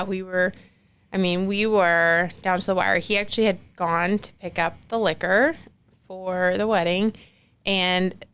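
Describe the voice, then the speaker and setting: A woman's voice: fairly low pitch, fairly bright tone, clear, resonant tone. Chatty young woman telling a story. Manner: chatty, many fillers like "like", acts out quoted dialogue. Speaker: podcast guest. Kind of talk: casual storytelling conversation.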